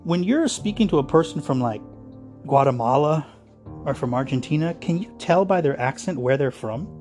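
A man voicing an older male military man who asks blunt, halting questions, his voice a little raised. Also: on the high side, lively intonation, a little mellow, soft background music, close to an everyday voice. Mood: puzzled.

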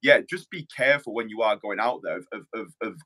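A man's voice: fairly low pitch, lively intonation, quick pace, bright, forceful tone. A man hosting a podcast as a dating coach, talking bluntly in casual chat, swearing and restarting his sentences.

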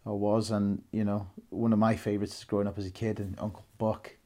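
A man's voice: lowish voice, flat delivery, brisk, mellow. A Welsh man in his thirties co-hosting a casual film podcast, chatty and rambling, laughing often. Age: 30s. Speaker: podcast co-host.

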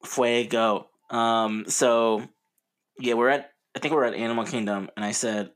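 A man's voice: mid-range voice, fairly even intonation, measured pace, clean tone. A young man co-hosting a podcast in casual chat, rambling and joking with frequent laughs. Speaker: podcast co-host.

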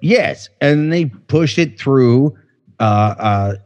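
A man's voice: medium pitch, lively intonation, extremely slow, darkish tone, dull audio. A man co-hosting a comedy podcast, drunk and slurring, cursing and stammering as he rambles through his points. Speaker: podcast co-host. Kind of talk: casual comedic podcast chat.

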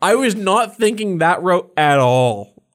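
A man's voice: sits high, sing-song, takes it slowly. A young man co-hosting a podcast, telling loose stories in casual chat, swearing often and laughing along as he goes. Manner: swears constantly, laughs through his own stories. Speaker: podcast co-host.

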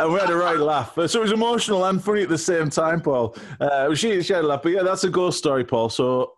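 A man's voice: on the high side, big pitch swings, a little fast, hardly any pauses. A man co-hosting a podcast, telling a rambling, cheeky comic story and laughing at his own jokes. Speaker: podcast co-host.

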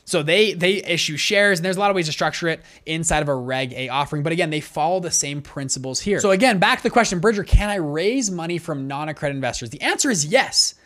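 Higher-voiced man teaching at a whiteboard. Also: animated, a bit bright. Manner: brisk, conversational, with frequent restarts. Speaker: fund manager teaching investors. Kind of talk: whiteboard lesson.

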